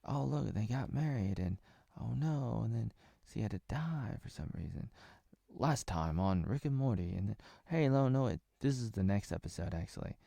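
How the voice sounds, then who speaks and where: A man's voice: lowish voice, animated, moderate pace, creaky, dark tone, no room sound. A man in his thirties from Oregon, casually recapping a TV episode in a meandering way, full of filler words and jokey asides. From Oregon, USA. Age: 30s. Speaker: TV episode reviewer.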